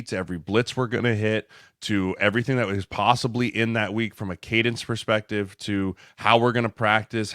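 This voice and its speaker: A man with a very low, deep voice talks through his points in a casual podcast chat, steady and earnest. He checks in with the listener as he goes, and the sound is dry and close, with no room around it. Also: no room sound. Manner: earnest, explanatory, tags lines with "right?". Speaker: podcast co-host, former offensive lineman.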